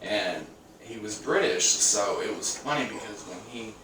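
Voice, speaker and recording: Co-hosting a relaxed podcast, a man tells stories laced with heavy swearing and lots of laughter. His lowish voice is unhurried and lively in intonation, and it's picked up from a distance in an echoey room, with some noise present.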